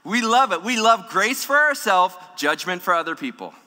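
A man preaching a sermon in a church, animated, acting out the voices of people in the story. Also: high-pitched, moderate pace. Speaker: pastor. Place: church hall. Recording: long hall reverb.

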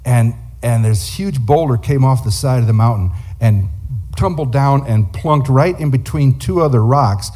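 Male guest preacher, husky tone, animated sermon storyteller. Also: medium pitch, normal speed. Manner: animated storyteller acting out quotes.

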